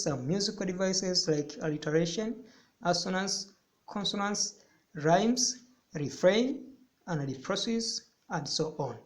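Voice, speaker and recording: This man's voice is high as he teaches a literature lesson on tape. He takes his time, speaks with deliberate care, and says key phrases again for emphasis.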